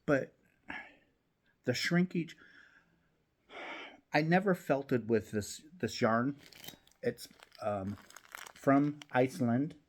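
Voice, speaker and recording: Slow, husky-voiced man chatting. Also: mid-range voice. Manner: rambling, chatty, with many restarts. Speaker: knitting channel host. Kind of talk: casual chat while knitting.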